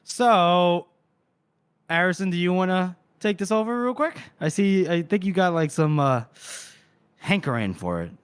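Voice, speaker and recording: A man's voice: sits high, expressive, unhurried, clean tone, no room sound. A man co-hosting a book podcast, retelling chapters in loose, profane casual chat. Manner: loose and profane, acting out quoted lines. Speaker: podcast co-host.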